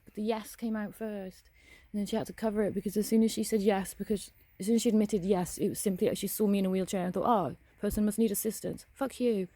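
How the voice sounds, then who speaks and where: A woman's voice: mid-range voice, little pitch movement, fast, mellow, no room sound. A young woman ranting bluntly to camera, swearing often and speaking frankly. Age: young adult. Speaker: vlogger. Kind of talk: casual ranting monologue.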